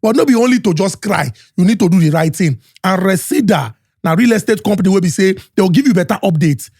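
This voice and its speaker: A Nigerian man hosting a podcast, doing sponsor reads and hype introductions in an energetic, Pidgin-mixed style with shouted announcements. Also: sits high, fast, breathy edge, dry recording, studio quality. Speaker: podcast host. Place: podcast studio.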